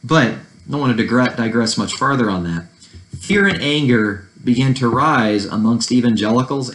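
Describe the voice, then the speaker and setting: A man's voice: medium pitch, moderate pace, a bit bright, echoey room, poor audio. A man giving an unscripted church history lecture, often restarting phrases and adding fair-minded asides. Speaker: church teacher.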